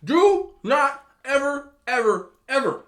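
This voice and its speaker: Animated man lecturing with emphatic warnings. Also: very high voice, takes it slowly. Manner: emphatic, animated advice to men; storytelling with repeated disapproving hums. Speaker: mukbang vlogger. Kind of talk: casual chat while eating on camera.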